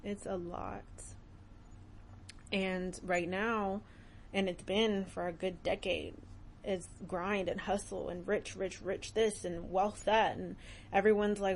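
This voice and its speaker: A young woman hosting a podcast, talking about faith in an earnest, animated way and often laughing. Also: medium pitch, slow, a little hiss or hum. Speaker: podcast host. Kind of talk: casual faith talk.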